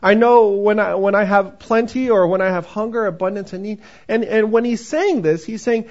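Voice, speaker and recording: Male pastor, conversational sermon, high-pitched voice, gravelly texture, muffled recording. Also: fairly quick, a little mellow. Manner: conversational, joking with the congregation.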